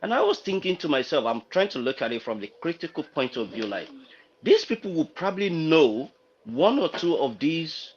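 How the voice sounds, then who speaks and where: A man's voice: fairly high pitch, big pitch swings, moderate pace, husky, dull audio. A man from Nigeria on a livestream panel, talking unhurriedly, searching for words and citing proverbs. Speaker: panel guest. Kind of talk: casual discussion on a livestream.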